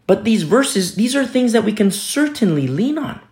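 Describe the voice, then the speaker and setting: A man's voice: high voice, big pitch swings, moderate pace, darkish tone. A man preaching a sermon, stressing points by repeating phrases and telling stories with casual asides. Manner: storytelling asides with fillers.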